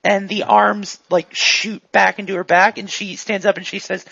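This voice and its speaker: Gravelly woman gm rambling through the scene, dry dull mic. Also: medium pitch, little pitch movement, moderate pace, fairly bright tone, no room sound. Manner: casual, filler-heavy narration. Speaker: game master. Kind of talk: narrating a tabletop game.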